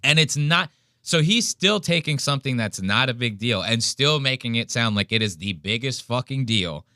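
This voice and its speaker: A man's voice: mid-range voice, animated, normal speed, sharp tone, no room sound, clean studio sound. A man hosting a podcast, ranting bluntly and profanely in casual commentary. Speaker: podcast host.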